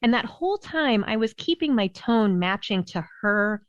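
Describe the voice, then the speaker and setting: A woman pediatrician telling a parenting story in a podcast interview, lively and laughing often, with many "you know" fillers. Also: a little high, normal speed, no echo. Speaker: behavioral pediatrician guest. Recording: dull, dry lo-fi sound.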